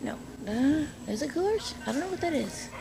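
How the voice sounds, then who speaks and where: Woman vlogger, rambling and jokey; heavy vocal fry, loud store noise behind. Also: sits high, expressive, brisk. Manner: chatty, rambling, jokey asides. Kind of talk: casual store walkthrough vlog. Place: big retail store, indoors. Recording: noisy store background.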